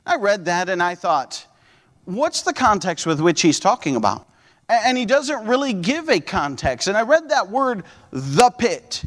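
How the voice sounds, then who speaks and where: Male pastor, sermon, high voice, earnest and fervent, long echo of a big church. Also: very animated, moderate pace, fairly bright tone. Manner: earnest, repeats words and restarts, fervent preaching.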